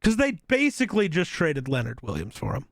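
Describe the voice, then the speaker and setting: A man's voice: a little high, wildly swooping pitch, brisk, vocal fry, dry recording. A man co-hosting a podcast in casual sports chat, with teasing, dry, blunt takes. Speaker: podcast co-host.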